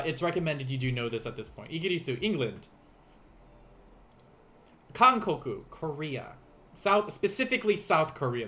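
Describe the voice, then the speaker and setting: A young man teaching beginner vocabulary in a casual livestream, playful and quick to laugh, repeating each word slowly for learners. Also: a little high, fairly bright tone. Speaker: language teacher.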